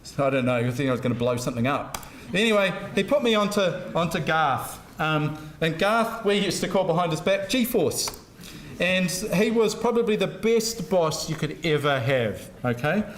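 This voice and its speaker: A man's voice: fairly high pitch, animated, moderate pace, a little hiss or hum. A middle-aged man giving a humorous, anecdotal university lecture, self-deprecating and full of jokes. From New Zealand. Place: lecture hall. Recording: roomy lecture hall sound.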